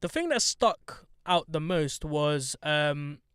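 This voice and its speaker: A man's voice: a little high, lively intonation, slow pace, fairly bright tone, smooth, no room sound, clean studio sound. A man hosting a podcast, chatting in a blunt, joking, sweary way with lots of slang. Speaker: podcast host. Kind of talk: casual chat.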